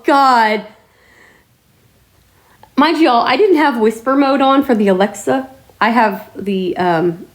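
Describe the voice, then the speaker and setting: A woman vlogger chatting casually to her viewers, telling stories in a chatty way with mild swearing and drawn-out exclamations. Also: medium pitch. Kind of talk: casual chat to camera.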